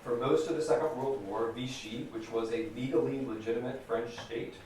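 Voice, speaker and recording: A man's voice: medium pitch, fairly even intonation, moderate pace, darkish tone, a little hiss or hum. American man lecturing in an echoey hall. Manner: emphatic, repeats key phrases for stress. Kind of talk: public lecture. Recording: echoey hall recorded from a distance.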